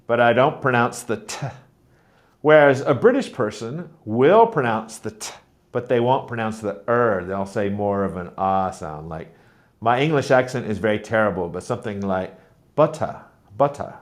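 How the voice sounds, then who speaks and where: An American man, a teacher trainer, giving an instructional video lesson on pronunciation and repeating words to model the sounds. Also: medium pitch. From United States.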